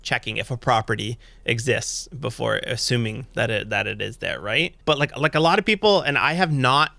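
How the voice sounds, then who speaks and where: A man's voice: mid-range voice, moderate pace, creaky, no echo. A man co-hosting a tech podcast in casual chat, rambling with lots of fillers. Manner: rambling, filler-heavy, animated. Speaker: podcast co-host.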